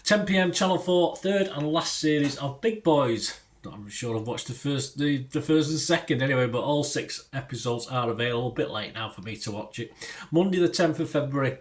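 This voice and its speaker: A man's voice: medium pitch, lively intonation, fairly quick. Middle-aged british guy going thru tv listings, rambly, keeps wandering off topic. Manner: rambling, digressive, chatty asides. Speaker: TV listings reviewer. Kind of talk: casual TV guide chat.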